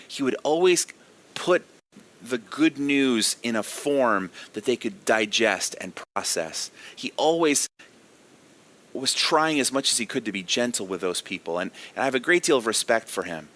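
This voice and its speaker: A man's voice: medium pitch, expressive, moderate pace, fairly bright tone. A man giving a daily devotional sermon as a pastor, earnest and emphatic, putting direct questions to his listeners.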